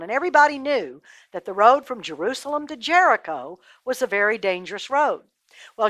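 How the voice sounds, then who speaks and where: Expressive woman telling a children's Bible story. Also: a little high, dry recording. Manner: expressive, speaks directly to kids.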